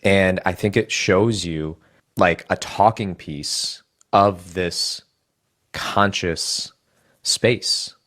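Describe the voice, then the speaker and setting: A man's voice: deep voice, drawn-out words, a bit bright. A man earnestly telling his personal testimony in a casual, emotional way, with frequent restarts and fillers. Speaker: speaker sharing a personal testimony.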